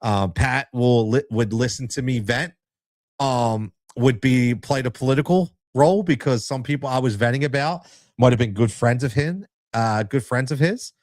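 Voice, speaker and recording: A man's voice: medium pitch, normal speed, darkish tone, dry recording, studio quality. A man hosting a podcast, telling a story in a casual, emotional way and often tossing in "man" and "right?". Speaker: podcast host.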